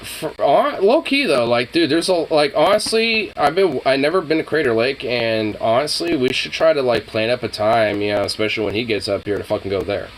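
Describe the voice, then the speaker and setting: A man's voice: mid-range voice, brisk, hardly any pauses, slight background noise, poor audio. Rambling young man, slight Southern twang. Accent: Pacific Northwest with a slight Southern twang. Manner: rambling, profane, heavy on "like" and "you know" fillers. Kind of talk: casual chat.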